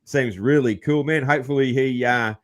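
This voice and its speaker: A man's voice: mid-range voice, moderate pace. A man hosting a podcast, chatting in a laid-back way and laughing often. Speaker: podcast host. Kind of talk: casual interview chat.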